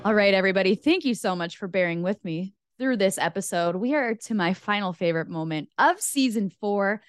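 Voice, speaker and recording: A woman's voice: medium pitch, lively intonation, brisk, smooth. A young woman co-hosting a podcast, talking casually and with enthusiasm, often laughing. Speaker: podcast co-host. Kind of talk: casual chat.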